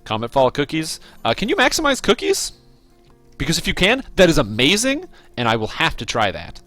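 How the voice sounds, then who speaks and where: Excitable man streaming a game. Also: on the high side, brisk, faint music behind. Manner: rambling, chatty, addresses viewers directly; excitable reactions to gameplay. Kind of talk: casual live-stream commentary.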